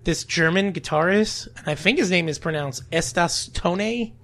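A man's voice: high-pitched, moderate pace, vocal fry, fairly bright tone. A young man from California co-hosting a casual podcast, telling stories animatedly, acting out quotes and laughing often. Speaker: podcast co-host. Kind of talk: casual chat.

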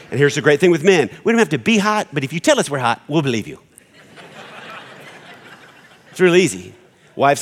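A middle-aged man preaching a sermon, animated and joking as he acts out quotes for a church congregation. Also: fairly high pitch. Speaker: pastor. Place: large church hall with congregation. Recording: long hall reverb.

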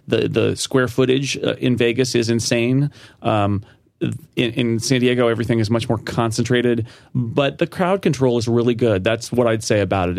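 A man talking as a guest on a casual podcast, animated, laughing easily and often restarting his sentences. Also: mid-range voice, creaky, no room sound, studio quality.

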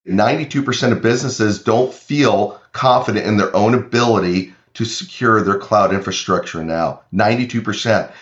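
A man's voice: fairly low pitch, moderate pace, hardly any pauses, a bit bright, reverberant, dull audio. A man talking about cloud security as an interview guest from his home, earnest and often repeating words as he speaks. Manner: earnest, repeats words, quotes imagined clients. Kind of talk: remote interview.

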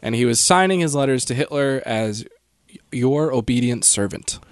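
A man's voice: mid-range voice, animated, normal speed, no room sound, studio quality. A man hosting a casual history podcast, telling the story with jokes and laughter. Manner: joking, laughs often. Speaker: podcast host.

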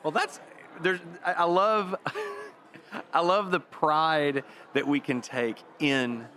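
Upbeat guy running a panel, sharp bright tone, passes questions around. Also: a little high, slow pace. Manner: enthusiastic, hands turns to guests. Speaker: moderator. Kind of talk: panel discussion.

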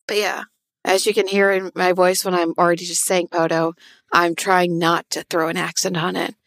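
A woman co-hosting a tabletop game podcast in casual chat, animated and joking, swearing freely. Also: lowish voice, normal speed, creaky, dry recording. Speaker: podcast player and co-host.

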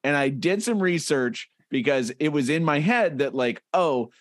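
A man co-hosting a podcast, joking around and slowly walking through comic strip panels. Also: a little high, expressive, dry recording, clean studio sound. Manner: jokey, describes comic panels slowly with restarts. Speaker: podcast co-host. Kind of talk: casual chat.

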